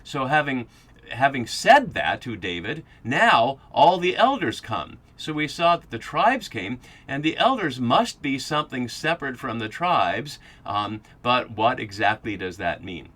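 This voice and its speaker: In a mid-range, slightly bright voice with a sing-song lilt, a man hosts a podcast Bible study at a somewhat slow pace. As he explains each passage he thinks aloud, using fillers and frequent restarts.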